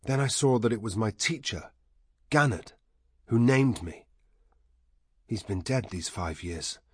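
A man voicing a grieving man haunted by dreams, quiet and weary in a husky hushed voice. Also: lowish voice, expressive, measured pace, no echo, studio quality. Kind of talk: audiobook character voice.

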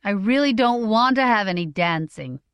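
Woman reading as quiet melancholy young son. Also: medium pitch, lively intonation, moderate pace, clear, resonant tone, dry recording, lightly acted. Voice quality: quiet, dark-toned voice. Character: melancholy, reserved son, nineteen.

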